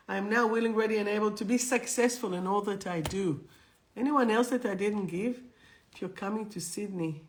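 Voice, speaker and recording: Middle-aged lady spiritual teacher on a live stream, chatty, gets viewers to repeat affirmations. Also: medium pitch. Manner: chatty, leads affirmations, talks directly to viewers. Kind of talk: live-streamed guidance session.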